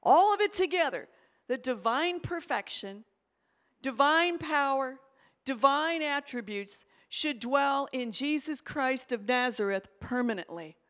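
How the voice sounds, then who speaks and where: A woman preaching a sermon with an emphatic, expressive delivery, swinging between loud and hushed. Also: high voice, a little slow.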